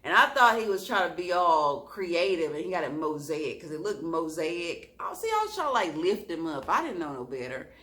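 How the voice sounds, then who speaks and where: Bright, animated woman telling a storytime. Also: lowish voice, moderate pace, hardly any pauses. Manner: animated, expressive, laughing at her own story. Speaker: vlogger.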